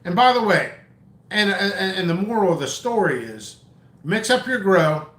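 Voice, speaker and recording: Speaking at normal speed in a high, somewhat bright and expressive voice, this seed seller and channel host goes off on a meandering vlog rant. He stammers and sounds exasperated, and the recording has room echo.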